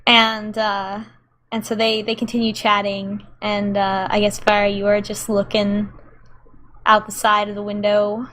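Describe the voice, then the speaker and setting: A woman's voice: medium pitch, completely flat delivery, measured pace, a bit bright. A woman narrating as game master in a tabletop role-playing game, rambling and hesitant.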